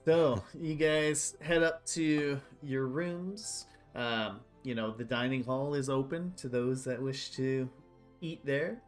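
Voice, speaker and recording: A man's voice: medium pitch, slow, soft background music. Casual man narrating as game master. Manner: casual, filler-heavy descriptive narration.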